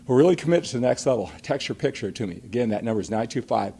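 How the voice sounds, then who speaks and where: A middle-aged man coaching viewers through a live workout stream. His voice is mellow and relaxed. He talks emphatically, firing rhetorical questions, and is a little out of breath between sets. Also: medium pitch, rapid-fire, creaky, husky. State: out of breath after a set. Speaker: fitness coach and live show host.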